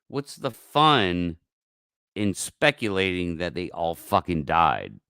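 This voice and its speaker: A man hosting a casual livestream, talking in a rambling, profane way that swings from mumbled asides to loud outbursts, on a close mic. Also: deep voice, very animated, slow, clear, resonant tone, no room sound. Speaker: livestream host.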